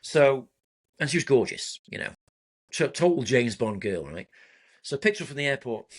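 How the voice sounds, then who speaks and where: A male interview guest telling an animated personal story, vivid and sweary, laughing at himself. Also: mid-range voice, normal speed. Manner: vivid, swearing, self-deprecating.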